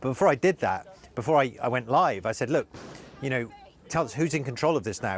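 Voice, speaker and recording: A male correspondent reporting live in a news interview, earnest and halting with many restarts. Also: mid-range voice, animated.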